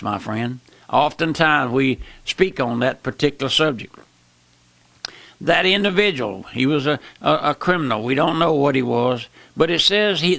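Gravelly, impassioned preaching man. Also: bright, forceful tone, no room sound. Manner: impassioned with sudden pitch jumps and drawn-out emphasis; repeats "my friend" often. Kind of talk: sermon.

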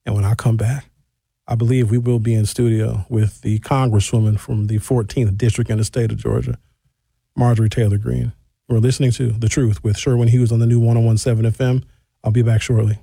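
A man's voice: mid-range voice, level tone, a little fast, gravelly, dark tone, slightly rough, no room sound. A man hosting a radio talk show, reading listener texts aloud and answering them in a frank, conversational way from the studio. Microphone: studio microphone.

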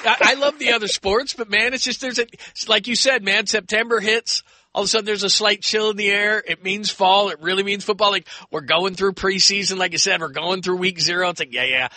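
An American man hosting a call-in sports radio show, talking in an energetic, rambling way and taking calls. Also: high voice, fairly quick. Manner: energetic, rambling, acts out quoted voices.

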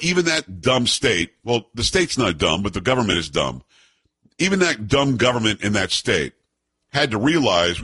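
A man's voice: medium pitch, a bit bright, breathy edge. A man hosting a solo political commentary show, blunt and sarcastic, reading news items aloud and adding his own opinions.

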